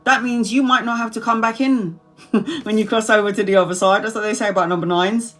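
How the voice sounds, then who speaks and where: A woman's voice: a little high, steady tone, brisk, a bit bright. A woman in her forties, a tarot reader chatting casually to subscribers on a livestream, rambling, repeating herself and laughing often. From Brazil. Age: 40s.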